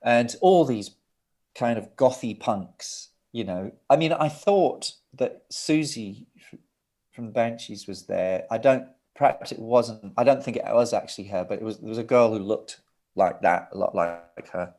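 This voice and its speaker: A man's voice: on the low side, measured pace, darkish tone. A middle-aged man, a record producer and interview guest, telling a long, rambling anecdote and acting out the voices in it. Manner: rambling, vivid storytelling with acted-out quotes. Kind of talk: animated anecdote in a sit-down interview.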